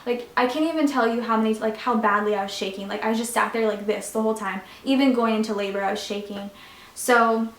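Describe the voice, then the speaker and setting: A young woman tells a story on her vlog in a chatty, animated way, leaning on fillers as she goes. Her voice sits a little high. The room around her sounds echoey. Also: fast. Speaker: vlogger. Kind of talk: casual storytelling.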